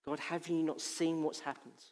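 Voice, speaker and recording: Impassioned male preacher, slightly high voice. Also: flat delivery, normal speed, a little mellow. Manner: impassioned, emphatic, repetitive. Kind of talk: sermon.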